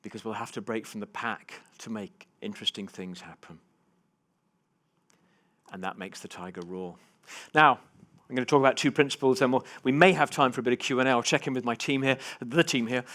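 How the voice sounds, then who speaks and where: A man giving a motivational keynote to a live audience, telling personal stories with big swings between hushed and loud delivery. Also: medium pitch, a little fast. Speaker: keynote speaker. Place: conference stage before a live audience.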